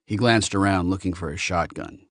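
A male audiobook narrator with a fairly low voice, reading in a steady, even storytelling manner. The recording is close and dry with no room sound at all. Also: a little fast, dry recording. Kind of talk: scripted narration.

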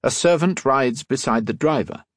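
A man voicing a stern, brusque older gentleman who gives curt commands. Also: medium pitch, normal speed, no echo, studio quality, pitched above the performer's own voice, close to an everyday voice.

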